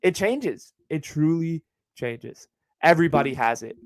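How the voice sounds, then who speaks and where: Talking unhurriedly in a fairly high, animated voice, a young podcast host rambles alone, swearing plenty and tossing in jokes. He records at home under a ring light, and the sound is dry and low in quality.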